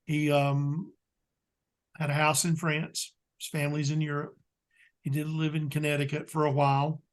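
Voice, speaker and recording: Southern guy rambling as an interview guest, kinda high voice, lots of ums. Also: completely flat delivery, moderate pace. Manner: rambling, filler-heavy, plain-spoken. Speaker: guest expert. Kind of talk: casual interview chat.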